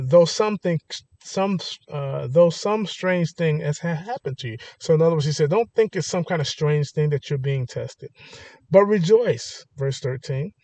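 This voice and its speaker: A man's voice: fairly high pitch, a little mellow. A man preaching a sermon, emphatic and rising to stress points, often restarting his words. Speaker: pastor.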